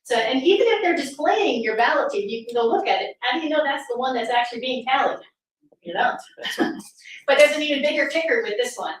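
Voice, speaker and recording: A woman with a fairly high voice gives a talk to a live audience. She is sarcastic and asks pointed rhetorical questions. The sound comes from a distance in a very echoey room. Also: animated, fairly quick. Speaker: speaker at a political summit. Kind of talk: presentation talk. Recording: very echoey room from far off, faint noise.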